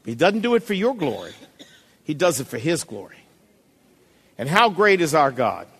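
A man's voice: a little high, very animated, normal speed, fairly bright tone, slightly rough, in a large hall. A male pastor preaching a sermon, emphatic and calling out to the congregation, at times reading a poem aloud with drama.

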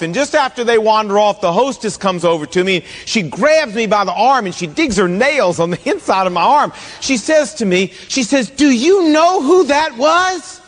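High-voiced pastor, joking storyteller. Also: male voice. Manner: humorous storytelling, conversational, self-mocking. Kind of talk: sermon. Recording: long hall reverb.

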